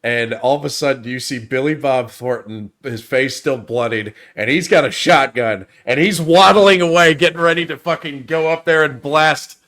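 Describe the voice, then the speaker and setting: A man's voice: medium pitch, moderate pace, hardly any pauses, a bit bright. A man co-hosting a film review chat, animatedly retelling scenes and swearing freely. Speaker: film review podcast co-host.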